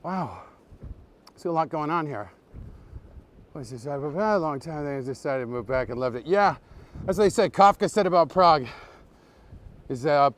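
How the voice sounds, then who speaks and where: Deadpan joking man, higher voice. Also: moderate pace, pauses often. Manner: deadpan joking with absurd fake facts; chatty, greets live viewers. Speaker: comedy tour guide. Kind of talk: live-streamed walking tour chat. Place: outdoors on a bridge at night.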